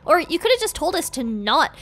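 Excitable high-voiced woman telling a game story. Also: brisk. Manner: excitable, gasping.

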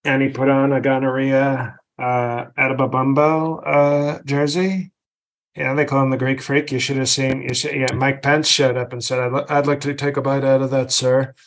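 A man's voice: medium pitch, flat delivery, moderate pace, natural voice. A man doing a comedic impression of a rambling, boastful older male politician who meanders, interrupts himself and drifts into tangents on a podcast. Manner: meandering, self-interrupting, digressive bragging.

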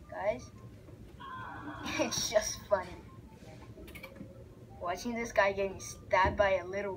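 A young woman giving rambling, excitable let's play commentary as she narrates a game aloud. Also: a little high, slight background noise, rough recording. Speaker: gamer.

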